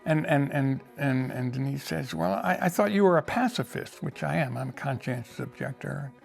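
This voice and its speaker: Older guy spinning a long yarn, gravelly voice, lots of restarts, faint music under. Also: mid-range voice, moderate pace. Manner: rambling, with repeated restarts and acted quotes. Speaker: interviewee storyteller. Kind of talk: casual storytelling.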